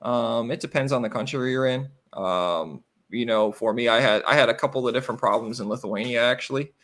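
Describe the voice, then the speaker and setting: American man, 30s, interview guest; bright, forceful voice, rambling storyteller. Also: medium pitch, brisk. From United States. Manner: animated, rambling anecdotes with many fillers. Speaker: interview guest, professional basketball player. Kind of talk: casual storytelling.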